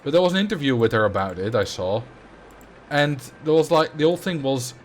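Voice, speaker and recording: A man's voice: fairly high pitch, expressive, a little fast, slight background noise. A man from the Netherlands with a Dutch accent, chatting casually on a game livestream and rambling with fillers as he reacts to chat. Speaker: streamer.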